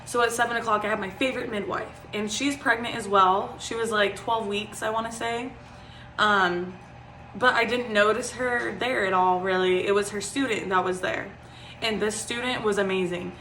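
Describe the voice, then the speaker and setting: A young woman in her twenties chats through a personal story, her voice bright and clear. She talks casually, leaning on "like" and "um" as she goes. The room gives her voice a noticeable echo, with a faint hiss behind it. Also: mid-range voice, steady tone, normal speed. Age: 20s. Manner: chatty, frequent "like" and "um" fillers. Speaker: vlogger. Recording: roomy echo.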